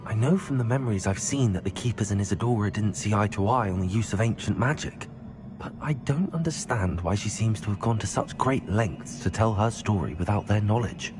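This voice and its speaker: A man's voice: fairly low pitch, a little fast, close to an everyday voice. A man voicing an earnest young wizard student in a video game, calling out spells sharply. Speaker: student wizard player hero. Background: loud game music.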